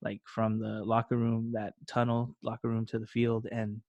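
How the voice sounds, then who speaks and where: A man's voice: fairly low pitch, moderate pace, gravelly, no echo. A young man co-hosting a podcast in casual chat, telling stories and acting out quotes. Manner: animated storytelling, acts out quotes. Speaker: podcast co-host.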